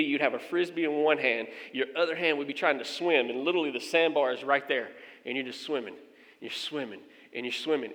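A man's voice: mid-range voice, in a large hall. A man, a pastor, telling a funny story during a sermon, acting out the voices of the people in it. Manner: animated storyteller, acts out quoted voices.

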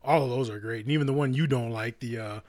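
A man's voice: fast, a little mellow. A man co-hosting a podcast, chatting casually, rambling and laughing often. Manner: laid-back, rambling, laughs often, quotes cartoon lines in a high put-on voice. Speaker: podcast co-host. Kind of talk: casual chat.

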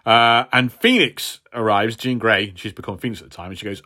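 A man's voice: lowish voice, fairly even intonation, fairly quick, sharp tone. A man, a podcast co-host, casually retelling a comic story and acting out the characters' lines. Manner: rambling retelling, acts out quotes. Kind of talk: casual chat.

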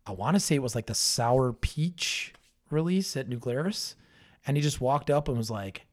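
A man in his thirties, talking in a loose, relaxed way with plenty of swearing and fillers. His voice sits at an ordinary middle pitch. He tells stories in a casual podcast chat. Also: normal speed. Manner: laid-back, heavy swearing, lots of fillers. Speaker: brewery owner guest.

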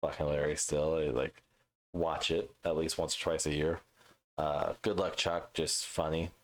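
A man with a very low voice co-hosting a casual podcast chat. He rants with plenty of swearing and jumps into quick impressions of the people he quotes. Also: level tone. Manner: profane, ranting, acts out quoted voices. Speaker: podcast co-host.

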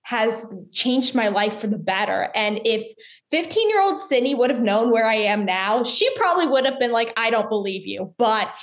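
A woman's voice: a little high, sing-song, moderate pace. An eighteen-year-old woman from North Carolina, a filmmaker guest chatting eagerly in an interview with lots of "like"s. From North Carolina, USA. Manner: bubbly, chatty, many "like"s. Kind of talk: casual interview talk.

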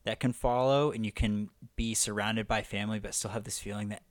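A man's voice: on the low side, steady tone, a little fast, dry recording. A man co-hosting a podcast in casual chat, rambling and enthusiastic, with lots of "like" fillers. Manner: chatty, heavy use of "like", enthusiastic. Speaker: podcast co-host.

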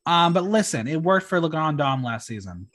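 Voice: mid-range voice, sing-song, moderate pace, a bit bright. Wry, chatty podcast host. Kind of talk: casual recap chat.

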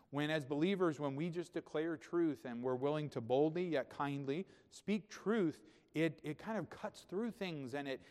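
A man, a pastor, preaching a sermon in a church sanctuary, talking conversationally and building to emphatic, loud peaks. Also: a little high. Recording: reverberant hall.

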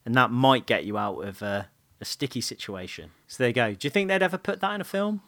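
A playful male podcast co-host chats casually, his pitch swinging widely as he spins a silly scenario. His voice sits very close and dry on the mic, with no room sound. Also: animated, quick pace, a bit bright, dry recording. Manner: playful, giggly storyteller. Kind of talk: casual chat.

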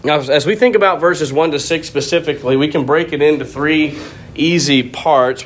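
A man giving an expository sermon, teaching in a steady way with occasional restarts. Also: on the high side, moderate pace. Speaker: pastor.

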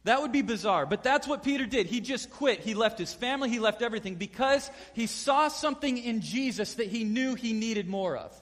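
A man preaches in a high, bright-edged voice, telling the story with lively energy and playing out each quote. His words ring with the long reverb of a large hall. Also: fairly quick, hardly any pauses. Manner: animated storyteller acting out quotes. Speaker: pastor. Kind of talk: sermon.

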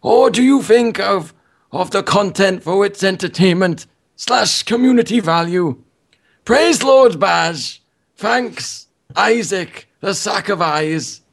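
Old man figure, raspy lifelong smoker, high quaver, put on by a man. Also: slow, full character voice. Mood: mock earnest. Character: wheezy old man who smoked all his life.

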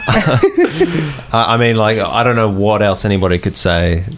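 A man's voice: fairly low pitch, sing-song, a little slow. A man speaking hesitantly in casual chat. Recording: noisy recording.

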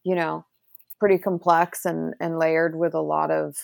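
American woman, actor guest, gravelly voice, lots of fillers, dry sound. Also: low-pitched, little pitch movement, unhurried, a little mellow, no room sound. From United States. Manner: rambling, many fillers. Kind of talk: casual chat.

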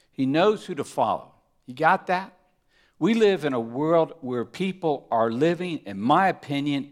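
A man preaching a sermon, emphatic, moving between loud stresses and hushed asides, often asking his listeners rhetorical questions. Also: medium pitch. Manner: asks the congregation rhetorical questions. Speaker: pastor.

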